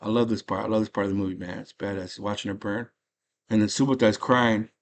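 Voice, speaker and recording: A man's voice: fairly low pitch, fairly even intonation, quick pace. Slangy man recapping a movie. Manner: slangy, enthusiastic storytelling. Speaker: movie channel host.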